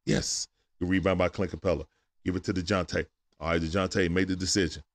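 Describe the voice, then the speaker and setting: A man hosting a live stream from home, calling a game play-by-play in a casual, excitable way that swings from hushed asides to sudden shouts. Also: low voice, fairly quick. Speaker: stream host. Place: at home at night.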